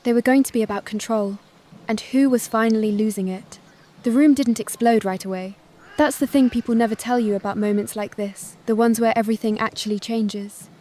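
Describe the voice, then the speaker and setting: A woman narrating a first-person family drama story in a calm, measured voice. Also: fairly high pitch.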